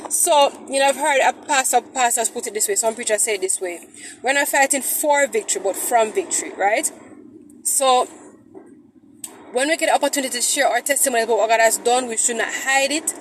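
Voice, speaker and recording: A woman's voice: on the high side, brisk, poor audio. A woman hosting a Christian vlog, talking chattily to viewers from her car in traffic. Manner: chatty, preachy, addresses viewers as guys. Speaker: vlog host. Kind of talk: casual Christian vlog talk.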